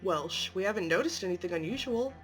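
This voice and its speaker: A woman voicing an earnest, concerned facility doctor with a gentle, questioning manner, in an amateur story reading. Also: medium pitch, animated, fairly quick, soft background music, close to an everyday voice.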